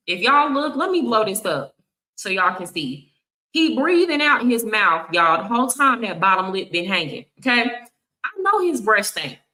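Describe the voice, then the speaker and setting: A woman's voice: medium pitch, bright, forceful tone, low-quality recording. A woman from Texas with a Texan accent, giving blunt, sassy live reaction commentary straight to her viewers. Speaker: streamer reacting to clips.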